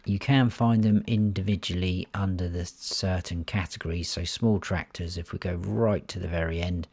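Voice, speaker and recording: Gaming channel host, man, very low unhurried voice, dry close recording, lists menu options one by one. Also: a little mellow, slightly rough, no room sound. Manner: listing options one by one while clicking through menus. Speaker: gaming YouTuber. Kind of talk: console gameplay walkthrough.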